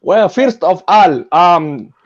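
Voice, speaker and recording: A man doing an impression of a boxing official who speaks slowly, as if telling a story. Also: sits high, animated, voice pushed down. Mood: measured. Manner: slow, drawn-out storytelling. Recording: dull lo-fi sound.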